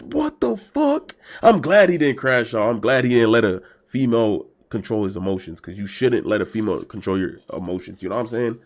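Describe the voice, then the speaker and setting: A young man hosting a reaction video, talking in loud, emphatic slang and swinging between shouts and mutters. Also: medium pitch. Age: young adult. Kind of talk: casual reaction commentary.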